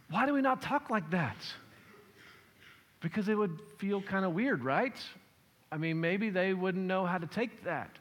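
A man's voice: high-pitched, sing-song, a little slow, a bit bright. A man preaching a sermon as pastor, shifting his emphasis and acting out quotes as he explains a passage. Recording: long hall reverb.

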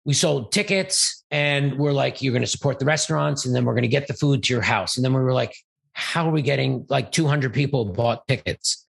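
A man, an event organizer and interview guest, telling a rambling, animated story and acting out quoted dialogue. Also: medium pitch, brisk, vocal fry, husky. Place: Los Angeles.

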